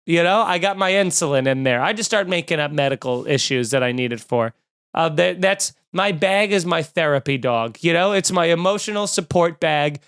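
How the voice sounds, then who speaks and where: Snarky man ranting, smooth clear voice. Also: fairly high pitch, normal speed. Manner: snarky, animated, mocking voices in quotes. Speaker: comedian podcast host. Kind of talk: comedic rant.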